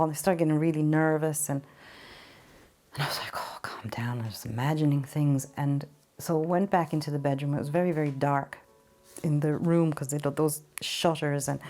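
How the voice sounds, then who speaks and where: Low-voiced woman telling a personal story. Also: mellow. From Ireland. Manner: earnest, halting storytelling with restarts. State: emotional at times. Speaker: interview guest. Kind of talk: personal testimony.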